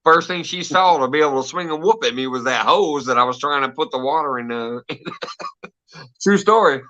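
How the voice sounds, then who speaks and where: A man's voice: on the high side, expressive, normal speed, pushed and bright. A man hosting a casual live stream, telling stories with lots of laughter and swearing. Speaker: host. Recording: dull lo-fi stream audio.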